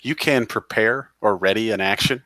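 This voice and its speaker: Male game master, low voice, dry recording, rambling casual narration. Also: normal speed, pushed and bright, dry recording. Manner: rambling, run-on narration with many fillers.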